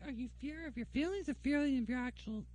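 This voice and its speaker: A woman's voice: sits high, fast talker, dark tone. A woman ranting to camera in a casual, opinionated, sarcastic monologue, talking from a dim room on a break. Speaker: vlogger. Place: dim indoor room during a work break. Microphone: camera mic.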